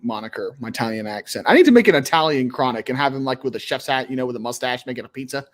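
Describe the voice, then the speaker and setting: A man's voice: medium pitch, animated, rapid-fire. A man hosting a livestream, chatting casually in a rambling way full of crude jokes. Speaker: livestream host.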